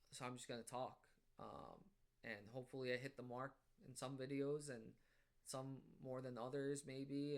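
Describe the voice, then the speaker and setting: Rambling, self-conscious man at home. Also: medium pitch. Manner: rambling, self-conscious, many fillers and restarts; reflective, reassuring. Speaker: vlogger. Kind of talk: casual rambling monologue to camera. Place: at home indoors.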